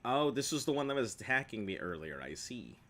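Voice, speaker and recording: A man's voice: mid-range voice, big pitch swings, brisk, fairly bright tone. A man streaming gameplay, joking playfully with his viewers and laughing often. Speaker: game streamer. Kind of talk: gameplay commentary chatting with viewers.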